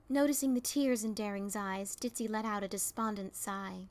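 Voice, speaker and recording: A woman's voice: mid-range voice, normal speed. A woman narrating a fan fiction audiobook, reading expressively and voicing its characters.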